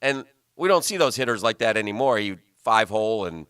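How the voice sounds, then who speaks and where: A bright, forward-sounding male voice in close, dry studio sound. He chats loosely about the game, rambling and restarting his sentences. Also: fairly low pitch, animated, a little fast, clear, resonant tone, no echo. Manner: rambling, chatty, many restarts. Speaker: sports radio host. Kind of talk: casual sports talk.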